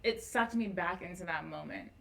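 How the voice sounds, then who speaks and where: A woman's voice: fairly low pitch, normal speed, vocal fry, fairly bright tone, low-quality recording. A young woman in her twenties, a news anchor guest, telling personal stories in an earnest, emotional way during a casual chat.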